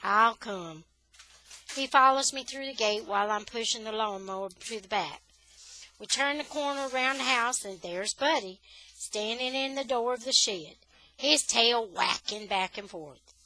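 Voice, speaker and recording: A woman tutor reading a children's novel aloud, in a careful, expressive storytelling manner. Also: on the high side, moderate pace, slight background noise, low-quality recording. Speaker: reader, English tutor.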